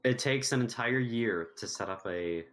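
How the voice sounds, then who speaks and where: A man's voice: medium pitch, normal speed, a bit bright, a little hiss or hum. A man playing a tabletop game, explaining his plans while thinking aloud with stumbling restarts. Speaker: player.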